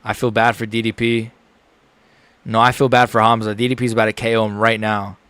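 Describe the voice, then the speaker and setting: A young man reacting live to a fight he is watching, frustrated and ranting, dropping to mutters and rising to yells. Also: lowish voice, little pitch movement, a little fast, clear, resonant tone, dry recording. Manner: frustrated, swings between muttering and yelling.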